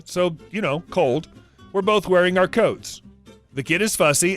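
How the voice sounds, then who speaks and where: Lively, high-voiced man reading stories. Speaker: story narrator. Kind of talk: reading online stories aloud. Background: soft guitar music.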